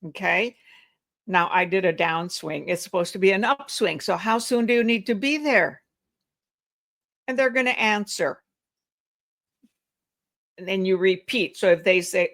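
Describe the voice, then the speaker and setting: A woman teaching a real estate sales script, slowly acting out the agent's and the seller's lines with shifting intonation. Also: mid-range voice, fairly bright tone. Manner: acts out both sides of a phone call with shifting intonation; slow, deliberate delivery.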